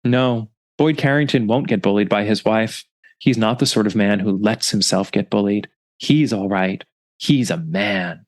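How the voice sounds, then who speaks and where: A man voicing a blustery, henpecked old retired army colonel who talks in a gruff, old-fashioned way. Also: very high voice, huge pitch swings, brisk, few pauses, pitched above the performer's own voice, full character voice. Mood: flat.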